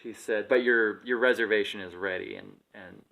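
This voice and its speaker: A young man on a casual podcast, telling a workplace story with plenty of swearing and quick voices for the people in it. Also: lowish voice, vocal fry, bright, forceful tone. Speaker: podcast co-host.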